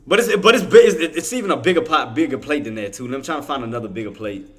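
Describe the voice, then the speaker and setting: A man from Louisiana with a Cajun accent, giving casual, excitable livestream commentary on stock trading, with lots of Southern slang and self-corrections. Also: mid-range voice, fast talker, hardly any pauses, soft background music.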